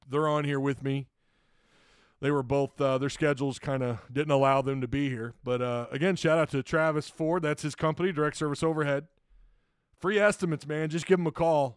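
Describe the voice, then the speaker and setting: A man's voice: on the high side, clear, resonant tone, no room sound, clean studio sound. A man hosting a casual sports talk livestream, rambling and chuckling often, reading viewer comments and sponsor plugs. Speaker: sports talk show host.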